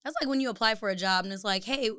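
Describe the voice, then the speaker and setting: A woman's voice: medium pitch, very fast, sharp tone, smooth, no room sound, clean studio sound. A young adult woman hosting a podcast, ranting outspokenly and swearing in casual chat. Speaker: podcast host.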